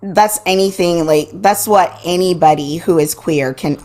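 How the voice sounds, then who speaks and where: A woman's voice: fairly low pitch, normal speed. A woman hosting a podcast interview who talks casually and reacts with frequent laughter. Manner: laughs often, warm reactions. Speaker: podcast host.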